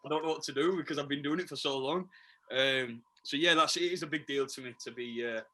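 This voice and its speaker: A man's voice: fairly high pitch, quick pace, sharp tone, rough recording. A man with a Leeds accent, a DJ talking chattily and eagerly as a podcast guest, with lots of restarts and fillers. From Leeds, England. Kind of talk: casual podcast interview.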